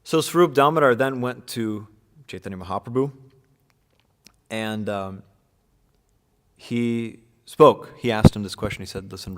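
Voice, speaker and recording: Casual low-voiced man teaching a class. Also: big-room sound. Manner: casual, many fillers and restarts. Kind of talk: informal scripture class. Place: room with devotees present.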